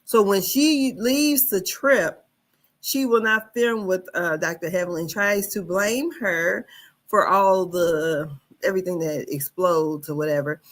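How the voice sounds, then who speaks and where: A woman hosts a gossip channel, recapping reality-show drama in casual, rambling commentary full of hesitation, fillers and restarts. Her voice is on the low side and a little slow.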